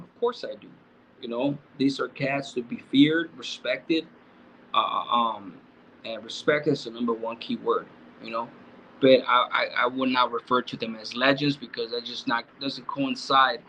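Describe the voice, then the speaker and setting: A man's voice: medium pitch, fairly even intonation, moderate pace, pushed and bright, a little hiss or hum. A middle-aged man hosting a livestream, talking casually in loose streetwise slang with plenty of swearing. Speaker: livestream host. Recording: dull lo-fi stream audio.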